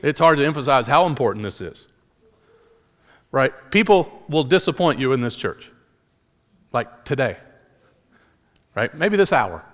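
A man's voice: medium pitch, sing-song, measured pace, pauses often. Preaching man in a reverberant hall. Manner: earnest preaching with rhetorical questions and restarts. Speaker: pastor. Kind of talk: sermon.

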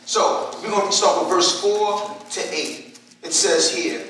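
Guy preaching a laid-back, joking sermon, kinda high voice, big church echo and some noise. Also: takes it slowly, fairly bright tone. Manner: conversational, humorous preaching with asides. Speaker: pastor. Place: church sanctuary. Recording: echoey church hall from a distance.

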